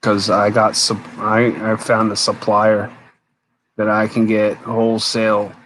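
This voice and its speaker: A weary man talks loosely on a late live stream, his low voice staying flat and even. He rambles and answers viewers as he goes, and a faint hum of ambience sits behind him. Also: unhurried, rough recording. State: tired, yawning. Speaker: homesteader live-stream host. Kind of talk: casual live-stream chat.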